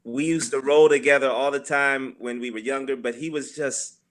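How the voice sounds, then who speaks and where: A man telling a relaxed story to friends on a video call. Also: mid-range voice, normal speed. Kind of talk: casual group chat over video call.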